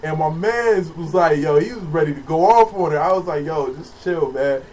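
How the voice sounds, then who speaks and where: A man co-hosting a podcast, telling a story in a casual, animated way and laughing often. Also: a little high, brisk. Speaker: podcast co-host. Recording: distant mic with faint background noise.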